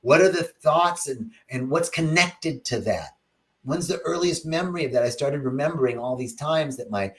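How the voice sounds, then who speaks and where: A man giving a spiritual talk on a livestream, answering viewer comments in a reflective, animated storytelling way with big swings in tone. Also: on the high side, normal speed. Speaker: spiritual teacher.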